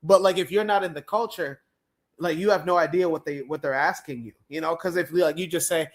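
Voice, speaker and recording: A man's voice: on the high side, brisk. A man hosting a podcast in casual chat, laughing often and telling stories. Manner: laughs often, animated storytelling. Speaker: podcast host.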